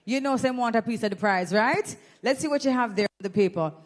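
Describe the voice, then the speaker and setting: On the high side and fairly quick, this Jamaican host's voice carries over a handheld microphone at a live event. She jokes with the crowd, runs prize giveaways, and stays playful and energetic throughout.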